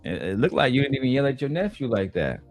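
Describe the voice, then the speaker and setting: A man's voice: mid-range voice, big pitch swings, fast, no echo, faint music behind. Blunt, mocking male show host. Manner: mocking, blunt, crude slang. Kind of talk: profane reaction commentary.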